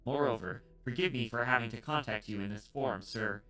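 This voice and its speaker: A man voicing a charismatic female alien consul who speaks through a drone, in a measured, formal diplomatic manner. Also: medium pitch, a bit bright, faint music behind, close to an everyday voice, low-quality recording. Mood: formal, courteous.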